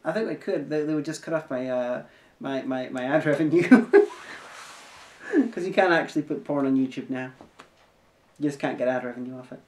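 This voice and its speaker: Woman cohost, weird mixed english accent, calm lecture-y explaining, echoey room. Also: extremely low pitch. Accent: hard-to-place English. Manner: measured, explanatory, lecturing on history. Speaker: co-host. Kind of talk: casual chat.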